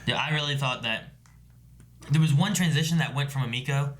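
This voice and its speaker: A man's voice: mid-range voice, fairly quick, fairly bright tone. A man co-hosting a casual reaction chat, laid-back and musing as he thinks aloud. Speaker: show co-host.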